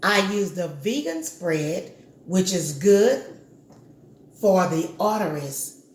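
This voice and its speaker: A woman's voice: lowish voice, lively intonation, takes it slowly, echoey room. A woman hosting a cooking video, chatting casually and giving step-by-step instructions straight to the viewer.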